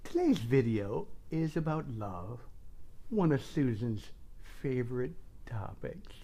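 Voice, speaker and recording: A woman's voice: extremely low pitch, expressive, measured pace, dark tone. A middle-aged woman hosting a wellness video in a chatty, rambling comic monologue, who talks about herself in the third person.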